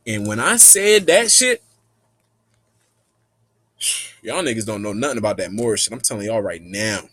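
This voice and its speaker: A man telling a rambling, animated, slang-heavy story in a casual spiritual monologue. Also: fairly low pitch, a little slow, dry recording.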